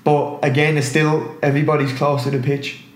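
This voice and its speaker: A man's voice: on the high side, level tone, a little fast, roomy sound, soft background music. A man co-hosting a casual football podcast, rambling and often asking "you know what I mean". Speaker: podcast co-host.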